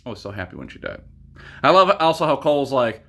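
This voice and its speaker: A man's voice: medium pitch, very animated, quick pace, sharp tone. A young man giving a casual spoken movie review, rambling, swearing freely and drifting off on tangents. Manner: rambling, profane, goes off on tangents.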